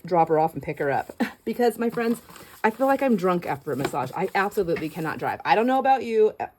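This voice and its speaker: A woman's voice: mid-range voice, a little mellow, poor audio. Chatty, gushing woman crafter. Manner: chatty and gushing, with frequent laughs and restarts. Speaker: craft channel host. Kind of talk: casual crafting vlog chat.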